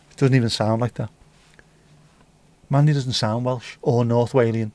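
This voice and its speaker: Swearing livestream host. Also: male voice, medium pitch, steady tone, moderate pace, warm tone. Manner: banter with swearing and mock accents. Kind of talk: casual livestream chat.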